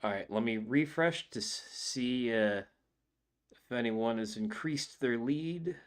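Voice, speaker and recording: A man hosting a comedy show, reading audience jokes aloud with dry, deadpan asides. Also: medium pitch, slow pace. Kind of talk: casual chat.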